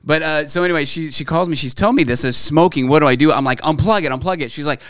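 A man's voice: on the high side, fairly even intonation, quick pace, a bit bright, clear, resonant tone, no room sound, studio quality. A man co-hosting a casual podcast, telling a story at length with many fillers and restarts. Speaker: podcast co-host. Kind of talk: casual chat.

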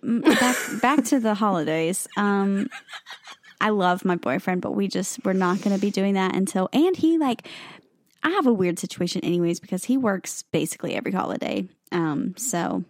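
A woman's voice: mid-range voice, expressive, moderate pace, dry recording. A young woman co-hosting a podcast, chatting casually with plenty of fillers and laughs. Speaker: podcast co-host. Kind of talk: casual chat.

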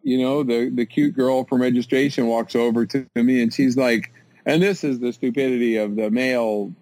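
A man's voice: mid-range voice, normal speed, poor audio. Self-mocking American man telling a story. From United States. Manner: animated, self-mocking, many fillers and restarts. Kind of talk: casual storytelling in an interview.

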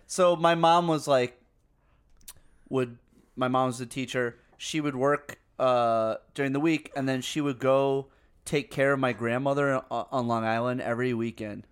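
A man's voice: medium pitch, fairly even intonation, measured pace, clear, resonant tone. A man co-hosting a podcast in casual chat, dropping dry wisecracks. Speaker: podcast co-host.

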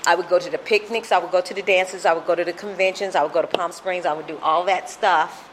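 A woman's voice: on the low side, steady tone, fast, a little hiss or hum. A middle-aged woman telling her recovery story at a meeting, emotional and repetitive in her storytelling.

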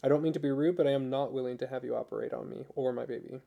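A man reading as an exhausted young woman in labor, quietly defiant. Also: mid-range voice, racing, creaky, dull audio, natural voice. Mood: quietly determined. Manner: soft, steady, firm.

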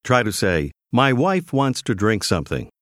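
A man narrating a language course in a clear, measured scripted style, giving prompts to the learner. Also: mid-range voice, big pitch swings, a bit bright, no room sound, clean studio sound.

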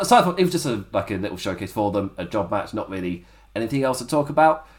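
A man giving a casual recap of a wrestling show, chatty and often laughing at his own jokes. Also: mid-range voice.

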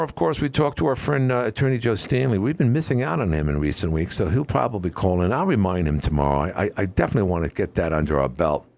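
A man hosting a solo call-in radio talk show, rambling and opinionated, with many restarts. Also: mid-range voice.

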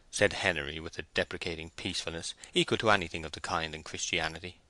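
A man reading a classic novel aloud in a measured, deliberate narration. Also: deep voice, fairly even intonation, sharp tone, no echo. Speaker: audiobook reader.

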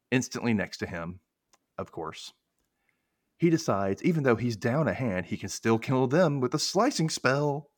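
A man's voice: lowish voice, dry recording, clean studio sound. A young man hosting a podcast, casually recapping a TV episode and acting out characters' lines in exaggerated voices. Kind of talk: casual chat.

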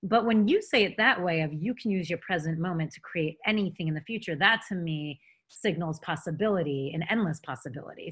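A woman's voice: on the low side, fairly bright tone. A woman hosting a podcast, asking earnest, reflective questions. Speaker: podcast host. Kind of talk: casual podcast interview.

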